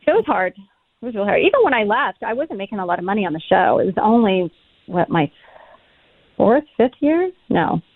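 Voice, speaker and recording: A middle-aged woman telling stories as a podcast guest in an animated, casual way, cursing freely. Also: medium pitch, a little fast, no room sound. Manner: animated, swears freely, acts out her own past lines. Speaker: podcast guest, reality TV cast member. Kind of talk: casual storytelling chat. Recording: tinny phone-like line, dry.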